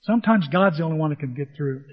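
A male pastor preaching a sermon, telling stories in an animated way and acting out the dialogue. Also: fairly high pitch, fast talker. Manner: animated storytelling, acts out dialogue. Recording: dull, long reverb in a hall.

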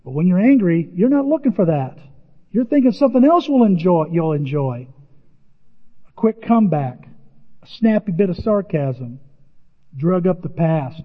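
A man preaching a sermon, emphatic and animated, often exclaiming and repeating words as he reads verses. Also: high voice, normal speed, long pauses. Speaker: pastor. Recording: reverberant hall, dull lo-fi sound.

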